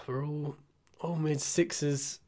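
A young man giving casual, self-mocking commentary while playing a football management game, muttering asides and breaking into excited outbursts. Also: fairly high pitch, extremely slow. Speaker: gaming YouTuber.

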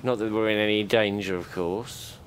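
A man's voice: lowish voice, steady tone, moderate pace, a little hiss or hum. A man chatting enthusiastically as a game developer on a livestream. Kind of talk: casual chat during live game building.

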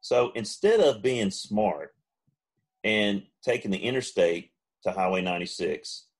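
A man, co-hosting a podcast and telling a long funny story, now and then mimicking friends in high voices. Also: expressive, unhurried. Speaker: podcast co-host. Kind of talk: casual storytelling.

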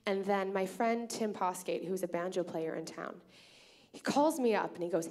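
A woman's voice: medium pitch, normal speed, darkish tone. A Canadian woman hosting a live tap festival show from the stage, chatty and grateful, telling stories with lots of "um" and "uh". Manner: chatty, grateful, storytelling with many fillers. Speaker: festival organizer and host. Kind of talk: onstage emcee speech to a live audience.

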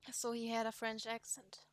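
A woman with a German accent chatting casually while playing a game, swearing freely and poking fun at herself. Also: fairly high pitch. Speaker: let's play streamer. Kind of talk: casual gameplay chat.

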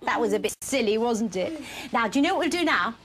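A woman hosting a children's programme, her fairly high voice swooping up and down as she coaxes and praises little ones. She talks in a bright, playful, teacherly way, gently urging the children to join in. A faint noise sits behind her voice. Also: lively intonation, fast. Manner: bright, encouraging, sing-song teacher talk to small children. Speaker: children's TV presenter. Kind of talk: children's television presenting.

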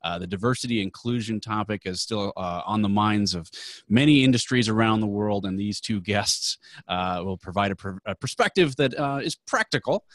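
Man, Minnesota accent, webinar host, upbeat, chatty, somewhat low voice, dead dry room. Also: animated, normal speed, fairly bright tone, no echo. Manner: chatty, with many "uh" fillers.

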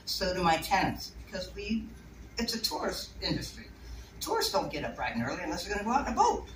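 A woman's voice: fairly low pitch, huge pitch swings, fast talker. Chatty woman in an echoey room. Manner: chatty, laughs often, rambling asides. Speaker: bird keeper giving a talk. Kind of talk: casual talk to a small audience. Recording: echoey room, distant mic, faint noise.

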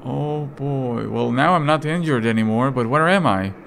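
Male game commentator, jokey delivery, reads in-game lines aloud, bursts into outcries, mid-pitched voice. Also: moderate pace, creaky, fairly bright tone, a little hiss or hum. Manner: joking, reading in-game lines aloud with sudden outbursts. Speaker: gaming commentator. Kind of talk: let's play commentary.

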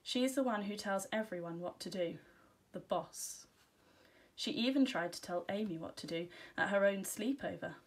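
A woman teacher reading a children's storybook aloud, giving gentle, expressive first-person narration. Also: medium pitch, normal speed.

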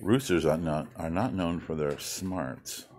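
A man's voice: sits low, unhurried, darkish tone, slight background noise. A man in his fifties, short of breath and coughing, rambling playfully while tending his backyard chickens. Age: 50s. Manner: rambling, playful, chatty with the hens. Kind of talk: casual vlog chat. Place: outdoors at a chicken coop. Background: hens clucking and roosters.

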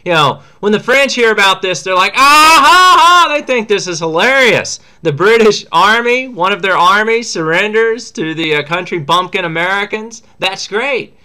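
A man's voice: sits high, moderate pace, few pauses, bright, forceful tone, clean tone. A man teaching a history lesson in a casual, slangy way, acting out what historical figures say. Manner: chatty, slangy, acts out quotes.

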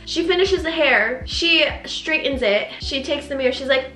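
A woman's voice: a little fast, few pauses, a bit bright, soft background music. A young woman telling the story of a bad haircut, close to tears and frustrated, acting out both sides of the conversation. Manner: tearful, frustrated, quotes herself and the hairdresser in higher voices. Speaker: vlogger. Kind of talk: emotional storytime rant. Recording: echoey room.

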